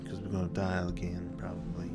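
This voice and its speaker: A man's voice: low-pitched, completely flat delivery, brisk, over loud music. A man giving live gameplay commentary, cursing and joking as he talks to himself.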